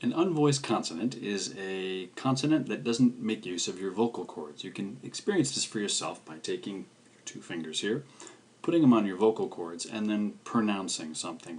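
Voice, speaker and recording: A man's voice: fairly low pitch, lively intonation, slightly rough. A man teaching a language lesson, carefully pronouncing syllables and repeating each one. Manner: slow, careful pronunciation of syllables with repetition. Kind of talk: scripted video lesson.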